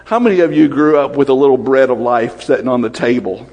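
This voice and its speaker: A man preaching a sermon, quick-fire and lively, often asking questions of the congregation. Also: medium pitch, in a large hall, dull audio.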